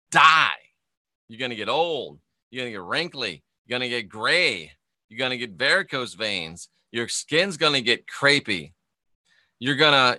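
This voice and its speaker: Guy putting on a sly serpent, hushed and coaxing, dry close sound, hard-edged voice. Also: mid-range voice, no room sound. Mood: menacing, hushed. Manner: coaxing, repetitive promises, hushed. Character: seductive serpent tempter, male, smooth-talking.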